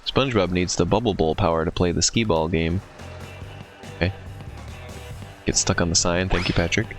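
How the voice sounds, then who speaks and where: A man streaming a video game, thinking aloud and reacting quickly as he plays. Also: low-pitched, faint music behind. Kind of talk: casual gameplay commentary.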